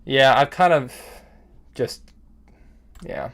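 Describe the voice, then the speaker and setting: A young man talks through his chess games live, slangy and quick to call himself out. His voice sits at an ordinary pitch with a noticeable fry on it. Faint keyboard typing runs behind him. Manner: self-critical, thinks aloud, slangy. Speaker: chess streamer. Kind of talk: live-streamed gameplay commentary.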